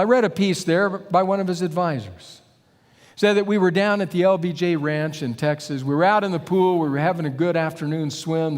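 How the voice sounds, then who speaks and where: A middle-aged man preaching a sermon, his voice sitting a little high for a man. He tells stories with animated retellings. The sound rings with the long reverb of a hall. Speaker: pastor.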